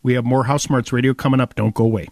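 A man's voice: medium pitch, quick pace, rough recording. A man hosting a home improvement radio show, telling playful stories in casual banter. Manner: animated storyteller, playful. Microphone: studio microphone.

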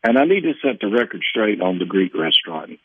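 A man's voice: lowish voice, sing-song, a little fast, slightly rough, no echo. A man from Mississippi on a radio call-in, talking emotionally and with rambling restarts. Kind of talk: casual radio chat. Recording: phone-line call, dry.

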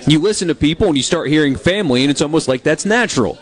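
A man's voice: fairly high pitch, lively intonation, racing. A man co-hosting sports radio, telling stories in a wry, opinionated way. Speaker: sports talk co-host. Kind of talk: casual sports radio banter.

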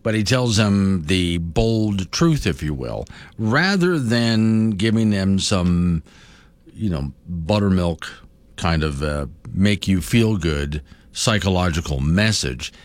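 A man's voice: low voice, lively intonation, takes it slowly, dry recording. A man hosting a morning talk radio show, speaking bluntly and conversationally about listener topics.

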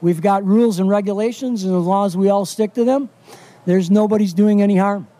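A middle-aged man from Wisconsin talks as a fishing guide in a casual radio interview. His voice sits high but sounds mellow and warm. He is folksy and eager, with plenty of fillers. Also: fairly even intonation, a little fast, no room sound. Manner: enthusiastic, folksy, lots of fillers.

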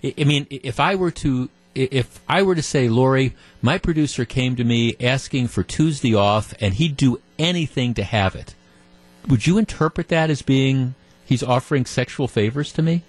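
This is a man hosting talk radio from a studio. His voice sits at an ordinary middle pitch, and he speaks conversationally, often stopping and restarting a thought and repeating his words as he argues. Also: moderate pace. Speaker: radio talk show host. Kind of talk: talk radio commentary with callers.

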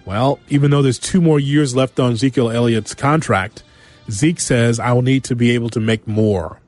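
A man hosting a sports talk radio show, giving an animated monologue full of rhetorical questions and repeated phrases. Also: mid-range voice. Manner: animated, rhetorical, repeats himself, acts out quotes.

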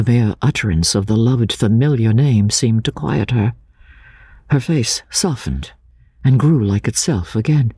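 A man narrating a classic novel in first person with a dramatic, expressive reading. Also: mid-range voice, measured pace, slightly rough, no room sound. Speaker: audiobook narrator.

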